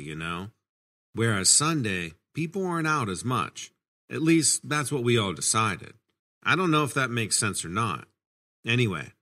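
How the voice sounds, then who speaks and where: Lively low-voiced male horror narrator. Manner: casual, conversational storytelling. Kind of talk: scripted first-person horror narration.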